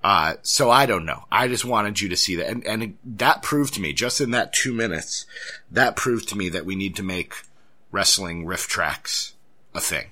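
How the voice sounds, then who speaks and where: A tired man co-hosting a podcast, musing in a measured way with frequent restarts. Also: fairly low pitch, expressive, pushed and bright. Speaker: podcast co-host. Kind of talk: casual chat.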